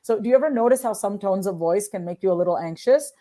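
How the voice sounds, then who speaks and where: A woman from Long Island, New York, speaks at a quick pace in a mid-range voice as a guest in a casual interview. She's an author, and she explains things expressively, acting out sample voices in different tones.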